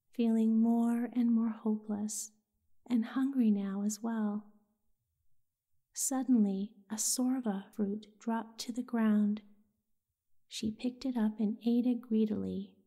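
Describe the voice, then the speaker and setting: A woman telling a sleep story in a soft, soothing whisper. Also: a little high.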